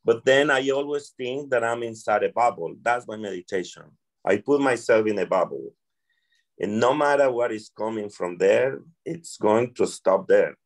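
A man's voice: on the low side, normal speed. A man from Colombia with a Colombian Spanish accent, a restaurant server answering interview questions earnestly and acting out exchanges with guests.

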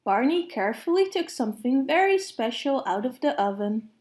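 A woman reading a children's picture book aloud, gentle and expressive. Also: high-pitched, normal speed. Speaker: storyteller.

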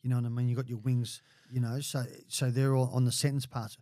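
A man's voice: mid-range voice, flat delivery, fairly quick, mellow, dry recording, clean studio sound. An Australian man in his forties, a podcast guest, telling stories in a rambling, profane way, full of "mate" and restarts. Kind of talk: casual storytelling.

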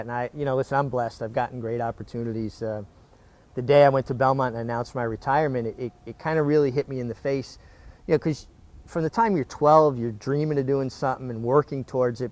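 A man's voice: medium pitch, fast talker. A middle-aged man, a former jockey telling stories in a casual interview, with frequent restarts. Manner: animated storyteller with frequent restarts.

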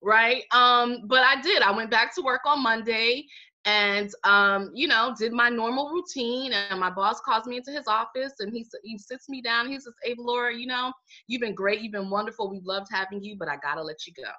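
Animated storytelling woman, bright muffled voice. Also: fairly high pitch, a little fast. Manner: animated storyteller acting out her own quotes. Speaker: guest, life coach and healer. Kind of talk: casual interview storytelling. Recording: muffled lo-fi audio.

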